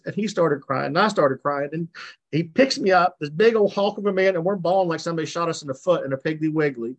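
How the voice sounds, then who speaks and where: A middle-aged man speaks a little high and fast as he gives an emotional, earnest testimony about his recovery over a video call. Delivered at a recovery meeting, his story circles back on itself with repeated phrases.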